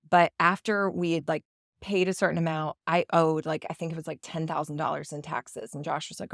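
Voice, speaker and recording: A woman with a lowish voice talks straight to her podcast listeners in a confessional, storytelling way. She acts out what she and others said along the way. The sound is dry and close, with no room around it. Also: fairly even intonation, normal speed, no echo. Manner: candid, confessional, acts out quoted dialogue. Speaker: podcast host. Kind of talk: personal storytelling monologue.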